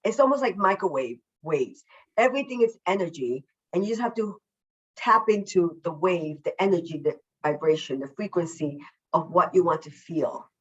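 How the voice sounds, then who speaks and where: A woman, a self-love coach, talking as a podcast guest over a video call, effusive and emphatic, deliberately slowing down her naturally quick way of speaking. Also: fairly low pitch, animated, slightly rough, lo-fi sound. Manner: deliberately slowing her usual fast speech. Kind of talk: casual podcast interview.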